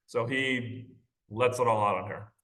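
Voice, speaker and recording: A man's voice: medium pitch, fairly even intonation, unhurried, bright, forceful tone. A male literature teacher giving a casual recorded lecture, checking in with rhetorical questions and light laughs. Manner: conversational, checks in with "right?" and "okay?". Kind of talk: recorded lecture on a short story.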